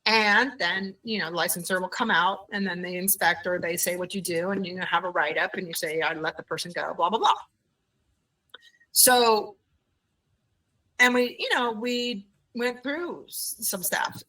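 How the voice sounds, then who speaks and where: Bright-voiced woman childcare owner. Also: medium pitch, unhurried, distant mic, rough recording. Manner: animated, acts out quoted voices. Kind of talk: conversational interview storytelling.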